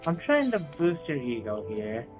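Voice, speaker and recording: A man's voice: medium pitch, huge pitch swings, normal speed, faint music behind. A man co-streaming a game, teasing his partner with dry jokes. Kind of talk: casual gaming stream chat.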